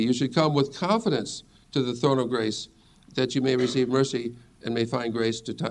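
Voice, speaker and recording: A man's voice: medium pitch, normal speed. A middle-aged man teaching a sermon as a pastor, earnest and reassuring as he reads scripture aloud.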